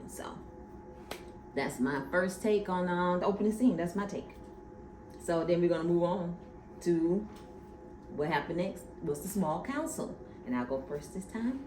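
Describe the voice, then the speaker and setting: A woman hosting a casual TV recap chat, telling the story in an animated, gossipy way. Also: low-pitched. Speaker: podcast host. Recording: echoey room with faint noise.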